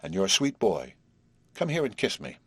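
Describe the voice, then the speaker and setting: Guy voicing a cheeky flapper girl in an audiobook, husky, swoopy, teasing. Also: on the low side, wildly swooping pitch, a bit bright, no room sound, full character voice. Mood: bantering. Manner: brash, bantering, drawn-out. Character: sassy young woman, teasing and flippant.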